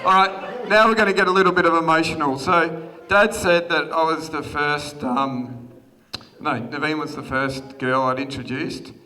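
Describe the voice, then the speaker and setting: A man's voice: fairly high pitch, fairly even intonation, normal speed, pushed and bright. An Australian man in his thirties giving a chatty, self-deprecating wedding speech as the groom, laughing often. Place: wedding reception hall. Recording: guest chatter in a large hall. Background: crowd of guests.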